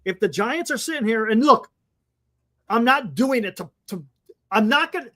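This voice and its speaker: Brief: high-pitched male sports talk co-host, chatty, repeats himself, reads viewer comments. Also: animated, moderate pace, pushed and bright. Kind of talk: casual sports talk with live chat.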